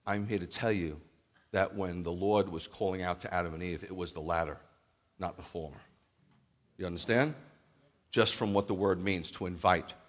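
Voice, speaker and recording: A man preaching a sermon as a rabbi, animated, acting out loud calls and then dropping to a hushed voice. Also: sits low, moderate pace. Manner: animated, acts out calls and shouts, then drops to near-whisper. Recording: long hall reverb.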